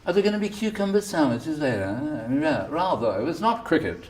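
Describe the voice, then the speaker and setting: A man's voice: a little high, very animated, a little fast, darkish tone. A man mimicking a scandalized upper-class English critic in a huffy, prissy manner.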